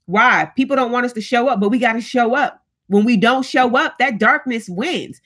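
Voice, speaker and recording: A woman's voice: on the high side, normal speed, fairly bright tone, breathy edge. Upbeat woman giving an encouraging pep talk. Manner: encouraging, preachy, repeats "you know what I'm saying". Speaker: channel host. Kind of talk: casual live-stream chat to viewers.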